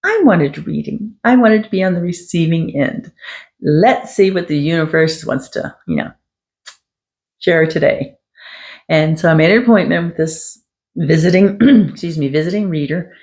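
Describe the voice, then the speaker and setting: A woman hosting a paranormal podcast, telling a personal story in a conversational monologue, quoting others and clearing her throat now and then. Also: lowish voice, normal speed, darkish tone. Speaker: psychic podcast host.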